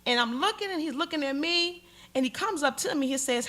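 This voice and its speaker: A middle-aged woman telling a story on stage, dramatic and animated, acting out the voices in it. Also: high-pitched, fairly quick, slight background noise. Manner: animated, dramatic, acts out every voice. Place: stage in a museum hall.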